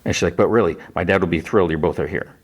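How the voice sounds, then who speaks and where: Male podcast host, very low voice, chatty filler-heavy recap style. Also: husky. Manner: retells scenes in quick quoted lines, filler-heavy. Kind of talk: casual recap.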